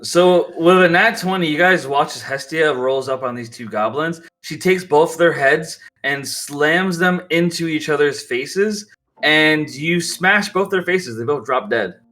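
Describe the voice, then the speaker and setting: A man narrating as game master in a tabletop game, often halting and restarting his sentences. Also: a little high, pushed and bright. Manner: halting, filler-heavy narration.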